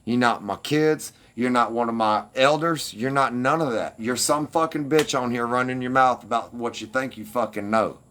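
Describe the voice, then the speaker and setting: A man's voice: mid-range voice, normal speed, hardly any pauses, a bit bright. A man ranting defensively and with heavy profanity at his livestream commenters.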